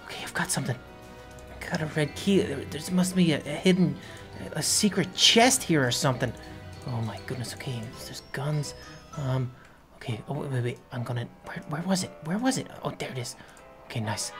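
Excitable, stammering woman narrating a game. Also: sits low, moderate pace, faint music behind. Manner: excitable, rambling, nervous stammering. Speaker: game video host playing a character. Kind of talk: game let's-play narration.

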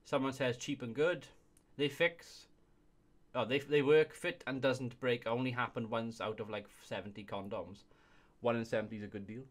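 Steady in tone and moderate in pace, this young male video host has a medium-pitched voice. He reads reviews aloud for a casual comedy video, and his giggles keep spilling into laughter.

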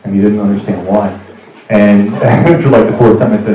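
A young man giving a rambling, joking wedding toast for his brother, with halting restarts. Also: on the low side, steady tone, lo-fi sound, a crowd in the background. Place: wedding reception hall. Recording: echoey hall, distant mic, noisy.

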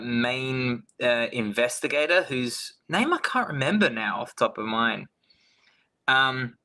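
Male podcast co-host, bright tone, lively swooping delivery, jokey. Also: on the high side. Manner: animated, laughs often, wry jokes. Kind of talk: casual film review chat.

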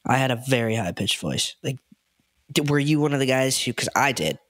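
A man's voice: medium pitch, expressive, a little fast, fairly bright tone, no echo, studio quality. A young man hosting a podcast in casual chat, talkative and cursing freely, laughing often.

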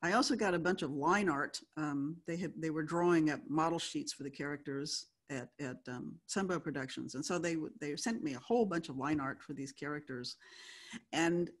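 A woman's voice: sits low, normal speed. An older woman, a guest writer, telling anecdotes in a chatty way, often laughing as she talks. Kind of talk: anecdotal storytelling.

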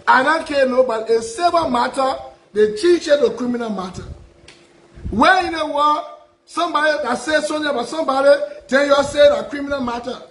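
Speaking in Liberian English, this self-proclaimed prophet delivers a heated public address, asking the same resentful rhetorical questions again and again. He talks briskly in a very high, fairly bright voice, captured roughly in a roomy space.

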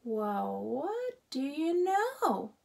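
A woman's voice: sits high, big pitch swings, very slow, vocal fry, a little mellow, pitched above the performer's own voice, full character voice. A woman voicing a kindly but doubtful teenage boy, speaking hesitantly with wonder, in a storybook reading.

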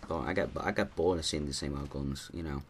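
A man's voice: extremely low pitch, a little fast, slight background noise. A man giving rambling, casual commentary over his own gameplay, full of restarts and fillers.

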